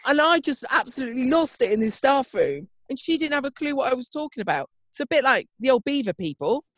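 A playful woman co-hosting a podcast, her high voice rising and falling a lot as she reacts in disbelief. The sound is close and dry, with no room around it. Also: sing-song, fast, no room sound. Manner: playful, incredulous, laughs a lot. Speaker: podcast co-host. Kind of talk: casual chat.

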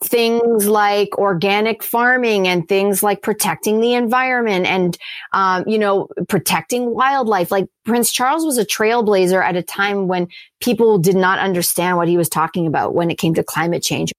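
A woman answering interview questions in a chatty, animated way, with lots of fillers and restarts. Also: medium pitch, normal speed, dry recording. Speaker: TV host being interviewed.

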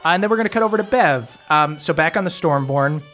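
A man narrates a tabletop fantasy game as game master. His voice sits a bit high, and he talks loosely, with many fillers and frequent chuckles. Soft music plays behind him. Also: animated, fast talker.

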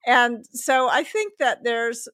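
A woman's voice: on the high side, lively intonation, takes it slowly, pushed and bright, no room sound, studio quality. A woman from the American South co-hosting a podcast, telling stories in a chatty way and laughing often. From Memphis, US South. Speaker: podcast co-host. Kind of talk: casual conversation.

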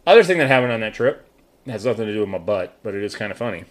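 A podcast co-host in his thirties, with a fairly low voice, tells a story in casual conversation at a rapid-fire pace. He's animated, swears freely and acts out the other characters' voices.

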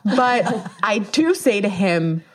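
A woman in her thirties telling a personal story in a casual, animated way, acting out the lines she quotes. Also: medium pitch, slow. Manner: animated, acts out quoted speech.

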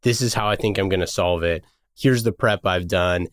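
A man with a very low voice hosts a podcast and asks long questions in a loose, rambling way. The recording is dry and close. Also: normal speed, no echo. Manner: casual, rambling questions with fillers like "like". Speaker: podcast host. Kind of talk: conversational interview questions.

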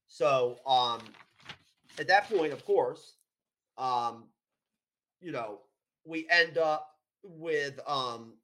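A man's voice: medium pitch, sharp tone. A man from New York co-hosting a podcast, recapping an episode in a rambling, profane way full of "you know" and "um". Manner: rambling, profane, heavy with fillers. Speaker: podcast co-host. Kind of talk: casual recap chat.

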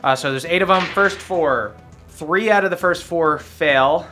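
A man's voice: fairly high pitch, measured pace, bright, forceful tone, faint music behind. A man running a tabletop game as game master, narrating casually with many fillers and laughs.

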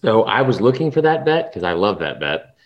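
A young man with a fairly low voice chats loosely on a sports podcast. He rambles and swears, restarting his sentences and filling gaps with "like" and "um." His energy swings up when something excites him. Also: a little fast, dull audio. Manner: rambling, profane, lots of restarts and fillers. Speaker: podcast co-host. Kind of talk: casual sports betting chat.

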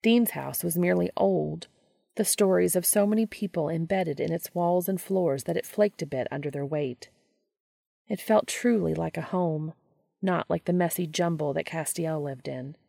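A woman narrating a story aloud in a calm, steady reading voice. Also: on the low side, moderate pace, vocal fry, no room sound, studio quality. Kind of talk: audiobook reading of fan fiction.

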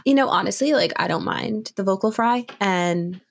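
A woman co-hosting a podcast in a casual chat, her voice a little scratchy from a sore throat and edged with natural vocal fry, speaking in a reassuring, filler-heavy way. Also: medium pitch, moderate pace. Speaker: podcast co-host.

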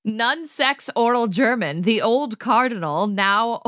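A woman's voice: fairly high pitch, lively intonation, slow pace, fairly bright tone, no echo, clean studio sound. A woman co-hosting a podcast in laid-back casual chat, teasing her co-host and often trailing off.

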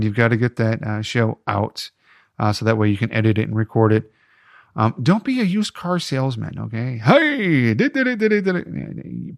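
Male podcast host, gravelly fry in the voice, casual and upbeat, dry close sound. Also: medium pitch, no room sound. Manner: chatty, encouraging, jokey asides. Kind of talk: casual podcast advice talk.

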